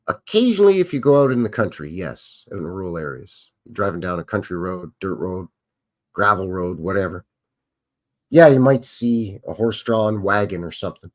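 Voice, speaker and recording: Rambling through casual commentary over old footage, a middle-aged Canadian man hosts a relaxed, unscripted livestream. He chats with viewers, greeting them by name from the chat, and his pitch swings widely as he talks.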